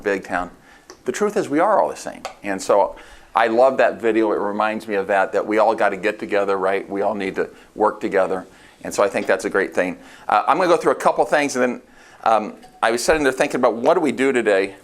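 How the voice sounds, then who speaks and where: Low-voiced man telling stories to a sales team. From United States. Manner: casual, animated storytelling with laughs and acted quotes. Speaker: real estate sales meeting leader. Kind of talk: storytelling talk to a sales meeting. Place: meeting room.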